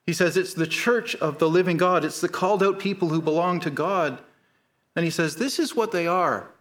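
A middle-aged man preaching a sermon, earnest and measured, slowing down to stress key points. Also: high-pitched, fairly bright tone. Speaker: pastor.

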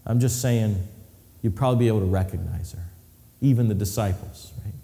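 A man preaching a sermon, telling a story that moves from hushed, low passages to rising, emphatic ones. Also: brisk, vocal fry. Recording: reverberant hall.

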